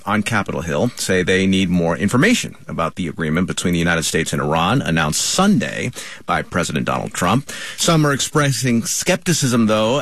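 A man hosting a radio news program, reading the news in a brisk way. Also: fairly low pitch, a bit bright, dry recording. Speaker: news host.

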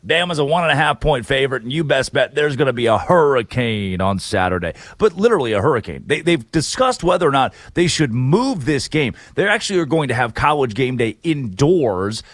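A man's voice: mid-range voice, big pitch swings, a little fast, few pauses, no echo. Brash male sports talk host. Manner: brash, joking, opinionated.

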